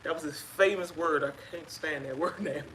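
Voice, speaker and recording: A woman sharing her own experience as a guest on a live chat, telling it in an emphatic, animated way. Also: deep voice, normal speed, a little hiss or hum, poor audio. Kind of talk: casual live-stream chat.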